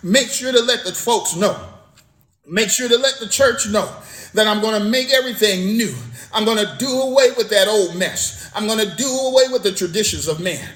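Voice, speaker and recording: High-pitched guy preaching a sermon in an echoey room, fervent, keeps repeating himself and praising. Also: normal speed, fairly bright tone. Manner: fervent and repetitive, with spoken praise interjections.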